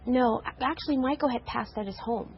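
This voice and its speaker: A woman in her fifties, a guest on a TV morning show, speaking earnestly and haltingly and often repeating words. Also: fairly high pitch, slight background noise. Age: 50s. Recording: slightly dull TV broadcast audio.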